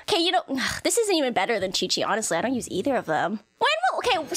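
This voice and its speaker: A woman's voice: fairly high pitch, sing-song, quick pace, hardly any pauses, over music. A woman streamer giving casual reaction commentary while playing, dramatic and self-pitying, laughing at her own bad luck. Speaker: gaming streamer.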